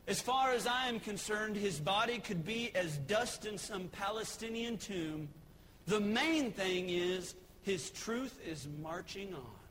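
Pastor, male, very high bright voice, fiery sermon delivery, long church reverb. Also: a little hiss or hum. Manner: impassioned preaching, swells to shouts. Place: church sanctuary. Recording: echoey church hall.

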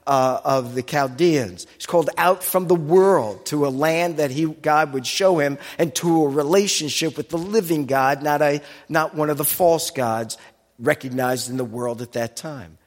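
A man's voice: fairly high pitch, unhurried. A man giving a sermon, teaching with asides and explaining Hebrew and Greek words. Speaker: pastor. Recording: long hall reverb.

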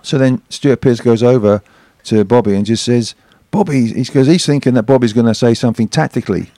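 A man recounting stories as a guest on a chat show. He acts out the people in them, and his voice jumps up whenever he imitates a shout. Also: mid-range voice, fairly quick, dry recording, studio quality. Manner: animated storyteller, acts out shouted quotes. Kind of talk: anecdote telling.

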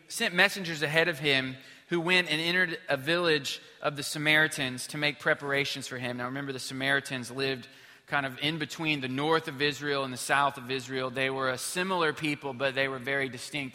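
Bright-voiced male pastor in a hall. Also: medium pitch. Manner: conversational, self-deprecating storytelling with many fillers. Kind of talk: sermon. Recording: reverberant hall.

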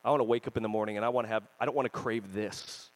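A man in his thirties preaching a sermon as pastor, animated and joking, sometimes acting out other people's voices. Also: on the low side, racing, low-quality recording. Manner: animated, jokey, acts out voices and screams.

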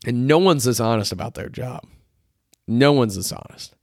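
A young man with a hoarse, tired voice rants into the mic, swearing freely and sounding fed up. He sits in the middle range for pitch. The recording is close and dry, with no room sound. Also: lively intonation, normal speed, a little mellow, no room sound. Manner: profane, frustrated ranting, mocking others in put-on voices. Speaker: solo podcast host. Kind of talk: ranting solo podcast monologue. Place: his bedroom.

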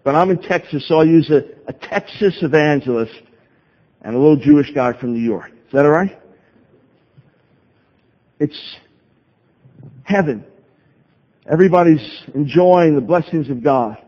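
A man preaching with urgent emphasis and long dramatic pauses. His voice sits high for a man. The recording is dull and muffled, with a long reverb filling a large church. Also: lively intonation, dark tone. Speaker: guest preacher. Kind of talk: sermon.

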